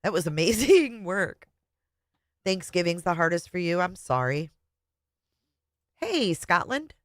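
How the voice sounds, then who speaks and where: A low-pitched woman in middle age hosts a casual live stream and talks straight to her chat. She is blunt and chatty and swears freely. Her voice sounds close and dry, with no room echo. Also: very animated, a little slow.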